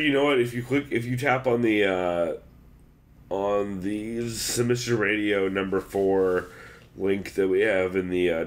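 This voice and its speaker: A man co-hosting a casual sports podcast, talking in a loose, profane, rambling way with lots of restarts. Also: low-pitched. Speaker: podcast co-host.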